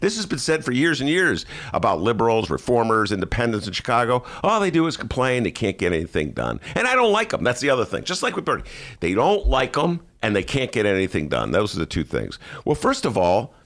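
A man's voice: medium pitch, brisk. A man hosting a political talk show, giving casual, sarcastic commentary with lots of "uh" fillers, speaking from a studio. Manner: sarcastic, animated, many "uh" fillers.

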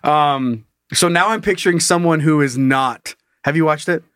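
A man's voice: a little high, normal speed, fairly bright tone, smooth, no echo, studio quality. A young man co-hosting a comedy podcast, chatting casually, laughing often and swearing freely. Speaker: podcast co-host. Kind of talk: crude casual comedy chat.

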